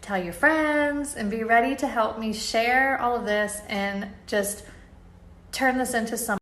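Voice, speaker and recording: A woman's voice: on the high side, measured pace, fairly bright tone. Earnest, enthusiastic woman, casual and chatty, recorded in a roomy space. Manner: earnest, chatty, with many fillers and restarts; faith-filled and enthusiastic. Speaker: apparel brand founder. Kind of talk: casual talk to camera.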